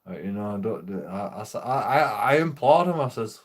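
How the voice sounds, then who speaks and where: A man's voice: lowish voice, sing-song, moderate pace. A young man, talking in a rambling, sweary way and laughing through his stories as he chats. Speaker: streamer. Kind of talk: rambling casual chat.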